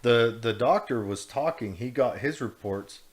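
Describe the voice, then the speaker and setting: A man's voice: medium pitch, lively intonation, unhurried. A man co-hosting a podcast, telling a story in a rambling, jokey way, often breaking into laughter. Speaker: podcast co-host. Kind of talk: casual chat.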